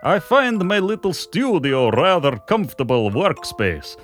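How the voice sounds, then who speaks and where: Comic read: a man putting on a Slavic Australian letter writer, lively and hammy. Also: low voice, faint music behind, voice pushed down. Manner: hammy and deliberate, slangy asides.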